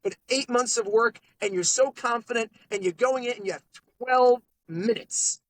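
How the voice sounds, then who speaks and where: A man, a podcast guest telling sales stories in a lively, animated way. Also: very high voice, no room sound, rough recording. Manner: animated salesman storytelling, quick asides. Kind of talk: casual storytelling interview. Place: podcast studio.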